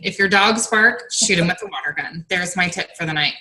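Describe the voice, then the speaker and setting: A woman coach offers her team help in a bright, forceful voice. She rambles a little but stays supportive and upbeat. Her pitch is on the low side. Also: brisk, hardly any pauses, slight background noise, low-quality recording. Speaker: fitness coach. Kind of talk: casual team call.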